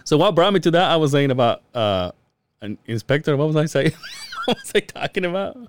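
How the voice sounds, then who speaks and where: A man's voice: on the high side, very animated, brisk. A man co-hosting a podcast, telling a story in casual chat, acting out what people said, swearing and laughing often. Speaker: podcast co-host.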